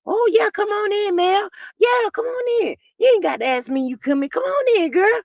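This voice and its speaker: A woman's voice: extremely high pitch, expressive, normal speed, creaky, no echo, studio quality, pitched above the performer's own voice, exaggerated voice. Woman doing an eager, coaxing man's voice. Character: man eagerly letting a guest in.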